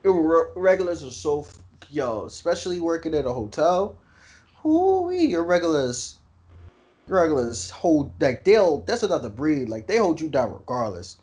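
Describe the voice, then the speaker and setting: Man, hotel worker, lively pitch, exclamatory casual chatter. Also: normal speed. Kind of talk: casual podcast chat.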